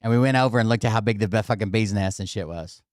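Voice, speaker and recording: A man telling a story casually, animated and swearing often. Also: lowish voice, fast talker, no echo, clean studio sound. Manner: animated and heavily profane, with laughter. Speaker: vlogger telling a home story.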